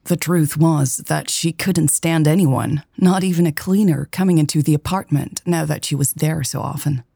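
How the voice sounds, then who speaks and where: A woman hosting a romance podcast and reading a story in a calm, measured way. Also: low-pitched, gravelly, slightly rough, no echo, studio quality. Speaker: podcast host and narrator. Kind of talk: audiobook story narration.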